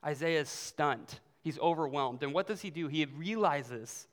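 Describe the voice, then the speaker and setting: A man's voice: on the high side, a little slow, few pauses, fairly bright tone. A man preaching a sermon as youth pastor, in a casual, conversational way with fillers. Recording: long hall reverb.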